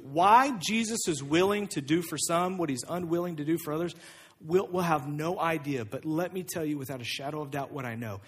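Pastor, male, high husky voice, dynamic preaching that rises and drops. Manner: animated preaching, swinging between loud emphasis and hushed intimacy. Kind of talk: sermon.

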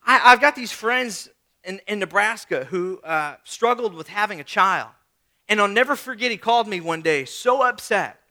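A man's voice: sits high, animated, moderate pace, bright, forceful tone. A man in his thirties preaching a sermon, talking conversationally with rhetorical questions and repeated phrases. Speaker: pastor.

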